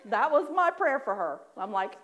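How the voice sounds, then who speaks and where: A woman preaching a personal testimony, animated in her storytelling, acting out her own prayers with laughing asides. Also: a little high, normal speed. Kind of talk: sermon testimony.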